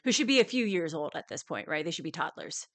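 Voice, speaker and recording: A woman's voice: sits low, lively intonation, fast talker, fairly bright tone, no echo. A woman streaming a live reaction, ranting angrily and swearing, with bursts of laughter.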